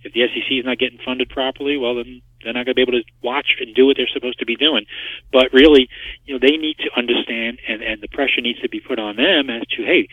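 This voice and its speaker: Fast-talking man on a tinny phone line. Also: mid-range voice, steady tone, no echo. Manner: emphatic, rapid, hammers points with rhetorical questions. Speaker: market structure expert guest. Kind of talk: interview over the phone.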